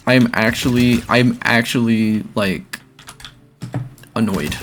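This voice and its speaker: A young man casually talking through a zombie game he is playing, rambling between bursts of excitement. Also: mid-range voice, measured pace. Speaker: gaming video creator. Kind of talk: casual gameplay commentary.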